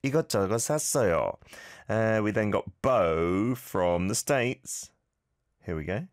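A man hosting a language lesson show, patiently and encouragingly modelling phrases and gently correcting listeners' pronunciation. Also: fairly low pitch, slow, dry recording, studio quality. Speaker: host and language teacher. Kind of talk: radio-style language lesson with listener feedback.

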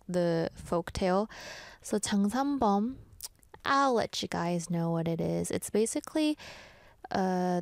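A woman's voice: medium pitch, darkish tone, no room sound. A young woman hosting a radio show, chatting casually in a bubbly, giggly way and reading out listener messages on a studio microphone.

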